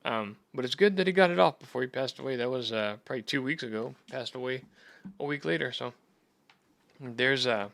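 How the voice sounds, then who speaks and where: A man's voice: mid-range voice, fairly quick, gravelly, a bit bright, no echo. A young Texan man hosting a sports podcast, chatting loosely with a rambling, profane manner. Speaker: podcast host. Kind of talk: casual chat.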